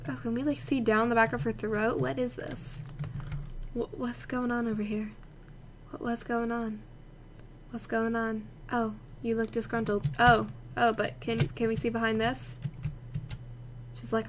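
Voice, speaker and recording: Brief: high, bright woman narrating her gameplay, playful and chatty. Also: unhurried, pauses often. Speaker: let's play gamer. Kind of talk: casual gameplay commentary.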